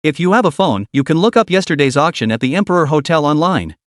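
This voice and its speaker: A composed, self-assured rich young man, read out by a man. His delivery swings lively in pitch and sits close and dry on the mic. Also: quick pace, dry recording, lightly acted.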